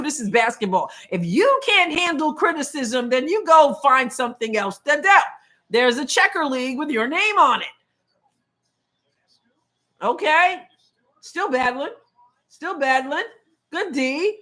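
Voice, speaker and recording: A woman with a high, slightly bright voice hosts a live basketball watch-along stream, sounding very animated. She talks casually and with strong opinions, mixing quick play-by-play asides with reading viewer comments aloud.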